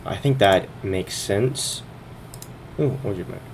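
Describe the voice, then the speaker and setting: A man's voice: fairly low pitch, takes it slowly, slight background noise. A man casually commenting on a strategy game, thinking aloud as he narrates each turn, sometimes a little out of breath. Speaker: gaming video host.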